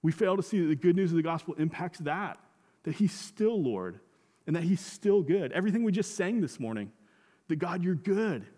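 A man's voice: sits high, sing-song, normal speed, dark tone, big-room sound. A man preaching a sermon as a pastor, talking conversationally, asking rhetorical questions and repeating phrases for emphasis.

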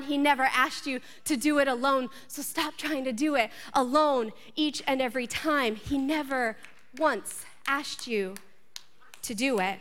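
A woman's voice: high voice, a little slow, a bit bright. A woman preaching a sermon, building intensity through repeated rhetorical questions. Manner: impassioned, repetitive rhetorical questions. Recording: long hall reverb with faint music.

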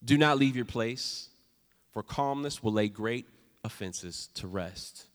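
A man preaching a sermon as pastor, swinging from loud emphatic lines to soft, hushed storytelling. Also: mid-range voice, slow, long reverb tail. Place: church sanctuary.

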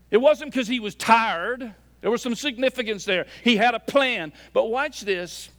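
A man preaching a sermon as a pastor, swinging between loud emphatic lines and soft, low asides. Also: moderate pace. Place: church sanctuary.

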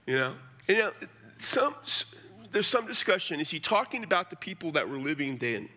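Folksy pastor preaching in a hall. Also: male voice, a little high, very animated, brisk, sharp tone. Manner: conversational, folksy, blunt asides. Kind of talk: sermon. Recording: long hall reverb.

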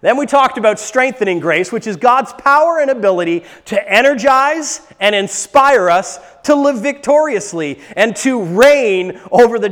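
In a church, a male pastor with a notably high, somewhat bright voice preaches an emphatic sermon, repeating words to drive his points home. Long reverb from the large hall trails after each line.

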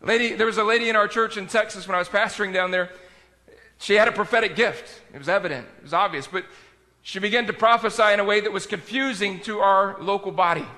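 A man preaching a sermon as pastor, talking in a conversational way that swings between loud and quiet. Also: high voice, fast, big-room sound.

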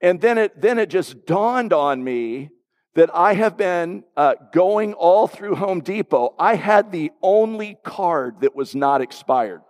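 A man's voice: high-pitched, expressive, slow pace, a little mellow. A middle-aged man, a pastor, preaching a sermon and telling a personal story with asides to the congregation. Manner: storytelling, conversational with audience asides. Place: church sanctuary. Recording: long hall reverb.

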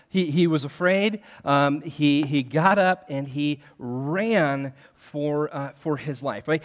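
A man preaching a sermon in an animated, conversational way, leaning on the word "like" as he talks. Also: a little high, takes it slowly, big-room sound. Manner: animated, conversational, heavy use of filler "like". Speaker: pastor.

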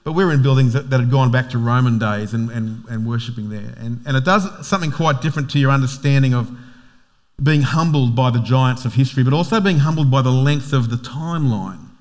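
A man's voice: mid-range voice, brisk. A man with an Australian accent, a pastor giving a casual, joking sermon full of fillers and restarts.

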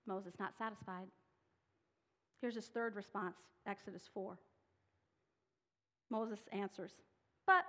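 A woman's voice: mid-range voice, lively intonation, a little slow, pauses often, a bit bright. A woman preaching a sermon, reading scripture dramatically and voicing the people she quotes with rising intensity. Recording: long hall reverb.

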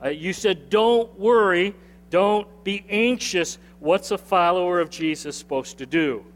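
A man's voice: sits high, measured pace. A man preaching a sermon as pastor in a conversational way, repeating phrases and asking the congregation to answer back. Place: church sanctuary with a screen. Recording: long hall reverb from a sanctuary.

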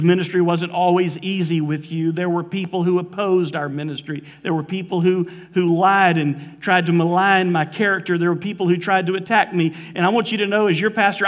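A male pastor delivering an earnest sermon in a church, slowing down for emphasis and growing emotional at times. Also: high voice, big-room sound. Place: church sanctuary. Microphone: live preaching mic.

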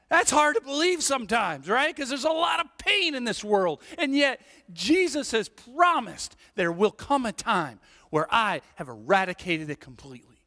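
A middle-aged man preaching a sermon, telling stories with playful asides and checking in with the congregation. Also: high voice. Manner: animated storytelling, playful asides, rhetorical "right?". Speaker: pastor. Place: church sanctuary. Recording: long reverb of a large hall.

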